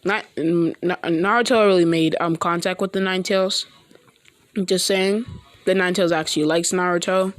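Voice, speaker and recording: A woman improvising a fan story, halting and rambling with many restarts. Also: on the low side, steady tone, no room sound.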